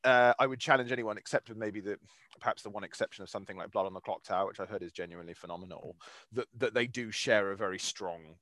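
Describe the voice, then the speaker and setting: A man's voice: on the low side, fast talker, fairly bright tone, no room sound. A man hosting a podcast, speaking in a thoughtful, articulate way with fairly abstract wording. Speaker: podcast host. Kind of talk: casual podcast interview.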